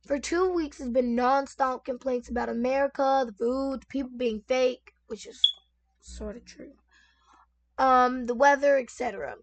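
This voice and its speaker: At home on a desk microphone set to lowered sensitivity, a woman with a high voice casually reads and reacts to online stories. She talks at a moderate pace with no echo, chatting straight to her viewers with many asides.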